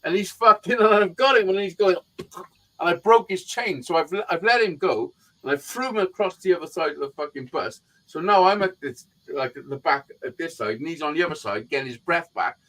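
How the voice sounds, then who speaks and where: Swearing man telling rough street stories. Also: fairly high pitch, a little fast, low-quality recording. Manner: profane, animated storyteller who acts out quotes. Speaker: live stream host. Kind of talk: casual chat, storytelling.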